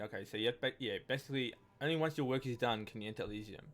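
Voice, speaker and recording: He's a let's play gamer with a mid-range, rapid-fire voice, casually commenting on gameplay. He reads the in-game text aloud, rambling and hesitant, restarting often.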